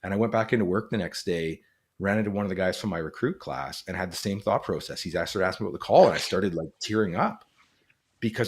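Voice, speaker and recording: A man with a fairly low voice talks as an interview guest. He is earnest and reflective, and his speech is peppered with "like" and restarts. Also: animated, fairly quick. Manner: earnest, reflective, frequent "like" fillers. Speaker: guest, former police officer and author. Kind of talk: conversational interview.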